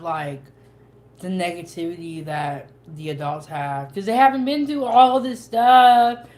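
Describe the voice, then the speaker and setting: A woman's voice: on the low side, a little hiss or hum. A young woman, hosting a cooking channel in casual, folksy chat as she eats. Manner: chatty, folksy, with dialect grammar. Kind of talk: casual chat while eating.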